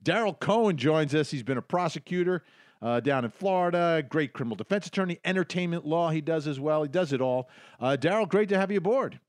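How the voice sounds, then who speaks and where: A man's voice: on the high side, expressive, a little fast, no room sound, clean studio sound. A man from the United States hosting a legal commentary show, emphatic and repeating phrases to drive his points home. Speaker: host.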